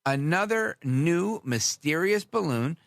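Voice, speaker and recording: Gravelly-voiced talk radio host. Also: male voice, a little high, slow pace, dry recording, studio quality. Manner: sarcastic, animated, drifts into asides. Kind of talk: opinionated talk radio monologue.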